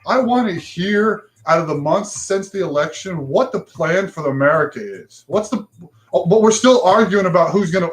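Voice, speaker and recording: A man's voice: high-pitched, expressive, moderate pace. A man hosting a livestream talk show, ranting bluntly with frustration and swearing.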